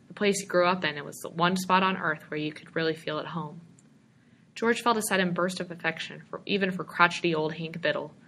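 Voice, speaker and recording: A woman giving a steady audiobook narration of a short story. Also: fairly low pitch, slight background noise. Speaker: reader.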